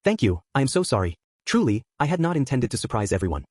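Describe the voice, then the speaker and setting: A man's voice: medium pitch, sing-song, fast talker, darkish tone, husky. A man voicing a falsely polite, unsettling female cult leader who apologizes constantly in a sugary way. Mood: sweet.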